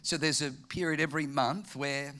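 A man preaching a humorous sermon, telling stories in an animated way and bursting into shouts. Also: on the high side, normal speed, background noise. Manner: animated storytelling, acts out quoted voices, bursts into shouts.

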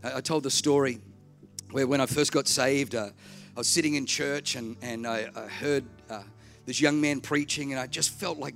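Animated preacher, gravelly voice. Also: male voice, mid-range voice, moderate pace, faint music behind. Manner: animated storyteller, acts out voices, swings from hushed to shouting. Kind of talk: sermon with storytelling.

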